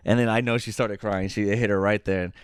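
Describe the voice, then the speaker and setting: A man co-hosting a casual podcast chat, excitable and profane, his voice jumping up when he gets worked up. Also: fast, clean tone, no room sound, clean studio sound. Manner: excitable, swears a lot, jumps high when animated. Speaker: podcast co-host.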